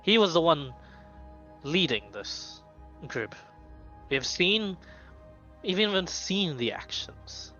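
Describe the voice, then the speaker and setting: A man's voice: fairly high pitch, very animated, takes it slowly, pauses often, pushed and bright, dull audio, soft background music, voice pushed up, full character voice. A man voicing a stern, burly male archdruid who accuses captives. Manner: imperious, accusing.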